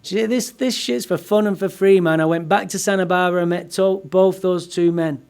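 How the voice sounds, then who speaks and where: A man's voice: high voice, steady tone, moderate pace, darkish tone, smooth. A man giving a comic, profane personal story to a live recovery-meeting audience. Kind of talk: humorous personal storytelling talk.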